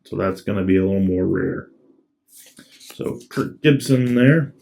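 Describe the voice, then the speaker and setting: A card collector with a low, creaky, dark voice opens trading card packs at a measured pace. He comments casually and laid-back, reading off each card as he goes.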